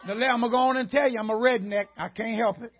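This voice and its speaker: A high-voiced man preaching in a church, his voice husky and breathy. He swings from folksy country jokes to loud shouted preaching. The recording is dull and lo-fi. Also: fairly even intonation, fast talker, a faint crowd. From rural Southern United States. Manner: joking folksy banter rising to shouted preaching. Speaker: guest preacher. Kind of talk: sermon. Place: church sanctuary before a congregation.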